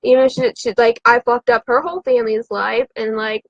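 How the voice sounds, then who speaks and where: Woman, high voice, tipsy, profane, rambling livestream confessional; dry, dull lo-fi recording. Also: animated, fairly quick, vocal fry, no echo. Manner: profane, rambling, frantic storytelling. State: drinking.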